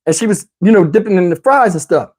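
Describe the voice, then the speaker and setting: A middle-aged man vlogger telling a story to camera in a casual, animated way, with slang, swearing and laughter. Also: high voice, fast talker, husky.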